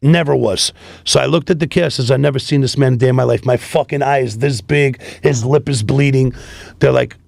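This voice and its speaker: A man, a tow business founder telling profane, animated stories in a casual interview. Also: mid-range voice, brisk, creaky, dry recording, studio quality. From New York City. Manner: profane, animated street storytelling.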